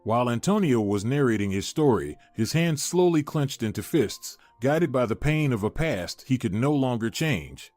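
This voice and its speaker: A man reading a scripted story in an even, steady storytelling manner. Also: medium pitch, normal speed, hardly any pauses, dry recording. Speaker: narrator. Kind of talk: scripted narration. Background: faint music.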